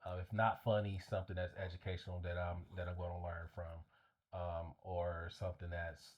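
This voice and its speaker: A man's voice: low voice, completely flat delivery, normal speed, dull audio. Rambling, profane man telling a story. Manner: rambling, profane, lots of fillers. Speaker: podcast guest. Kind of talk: casual storytelling.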